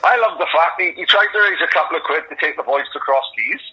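A man with a Welsh accent co-hosting a podcast, telling sweary, animated stories in casual chat. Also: on the high side, quick pace, lo-fi sound, over a noisy crowd. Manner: sweary, animated storytelling with lots of laughter. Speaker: podcast co-host.

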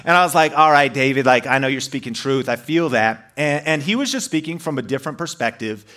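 A man telling his own story to an audience in an animated, emphatic way, full of fillers and restarts. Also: mid-range voice, brisk.

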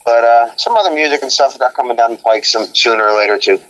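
A man guest in a casual interview, telling road stories in an animated way, acting out quotes and laughing often. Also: mid-range voice, fast talker, a little hiss or hum, rough recording.

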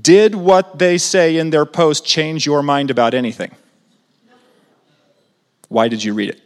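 Animated male preacher in a reverberant sanctuary. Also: on the high side, a little slow. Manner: conversational, asks the congregation questions; animated, swings between loud and soft. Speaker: pastor. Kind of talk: sermon.

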